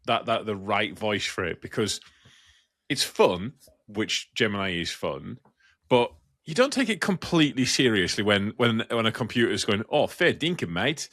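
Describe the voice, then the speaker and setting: A man's voice: lowish voice, animated, moderate pace, a bit bright, no room sound. A man co-hosting a casual podcast and making dry, joking asides. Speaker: podcast co-host. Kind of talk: casual chat.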